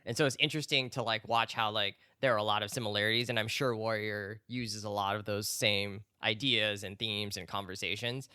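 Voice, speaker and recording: A man's voice: lowish voice, fairly even intonation, a little fast, hardly any pauses, bright, forceful tone, smooth, no echo, studio quality. A man co-hosting a podcast, casually explaining a film while rambling and filling his talk with "like". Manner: rambling, loaded with "like" fillers. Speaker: podcast co-host. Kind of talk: casual chat.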